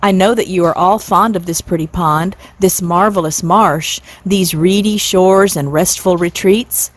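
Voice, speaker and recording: A woman's voice: on the low side, unhurried. A woman in her sixties voicing a stately, pompous father swan who speaks in long, formal, flowery sentences in a storybook reading. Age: 60s.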